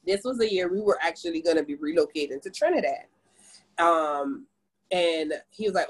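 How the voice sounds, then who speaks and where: A woman in her forties from the Caribbean, a podcast guest telling her story in an animated, expressive way. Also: normal speed, slightly rough, rough recording. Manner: animated, expressive storyteller with big pitch jumps. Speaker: podcast guest, business owner. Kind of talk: casual conversational storytelling.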